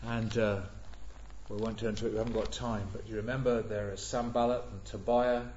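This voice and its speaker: A man preaching a sermon in a church hall, swelling loud on key words and dropping low and soft between them. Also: little pitch movement, brisk, a little hiss or hum. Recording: echoey hall, dull lo-fi sound.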